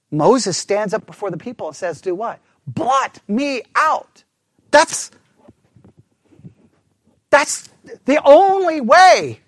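High-voiced man preaching with emphasis. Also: fairly bright tone, dry recording, studio quality. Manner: emphatic, asks the congregation rhetorical questions. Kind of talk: sermon.

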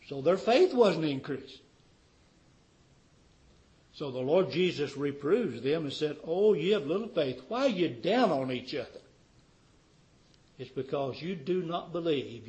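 Guy preaching a sermon, pretty high voice, fired up, lots of rhetorical questions, gets loud then drops real quiet. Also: poor audio. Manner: fervent, rhetorical questions, wide swings in loudness.

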